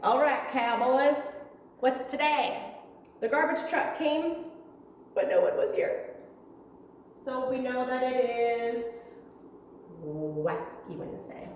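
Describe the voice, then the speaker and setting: A young woman teaching a virtual preschool lesson in a room with windows, talking slowly in a sing-song way to small children. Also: high-pitched, a little mellow, far from the mic, a little hiss or hum. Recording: echoey room with long reverb.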